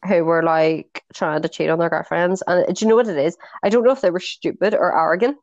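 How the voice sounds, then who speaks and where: A woman's voice: on the low side, fairly quick, a little mellow, dry recording, muffled recording. A woman in her twenties co-hosting a podcast, chatting casually, swearing freely and filling her talk with "like". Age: 20s. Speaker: podcast co-host. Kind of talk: casual chat.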